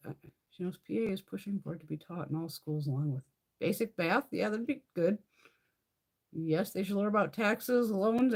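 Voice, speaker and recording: A middle-aged woman hosting a casual live chat, telling stories in a profane, animated way and laughing often. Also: medium pitch, husky. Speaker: livestream host.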